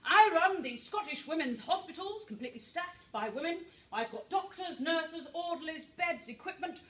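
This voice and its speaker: A woman voicing a confident woman doctor who briskly lists her staff and equipment in an emphatic, businesslike way. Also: extremely high pitch, lively intonation, fairly bright tone, voice pushed up. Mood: brisk, determined. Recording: roomy hall, heard from far off.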